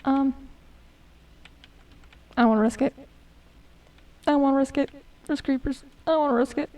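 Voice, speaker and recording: A woman's voice: sits high, steady tone, normal speed, a little mellow. A young woman streaming a game, chatting to herself and her chat, muttering and humming as she plays. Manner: chatty self-talk, hums and mutters while playing. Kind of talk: casual gameplay commentary. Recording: voice a bit distant from the mic.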